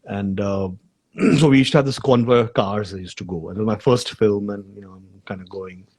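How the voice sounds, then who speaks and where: A man's voice: fairly low pitch, brisk, a little mellow, breathy edge, no room sound. A man, a guest in a live video chat, telling an anecdote casually with fillers and restarts. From India. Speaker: guest actor. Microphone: video call.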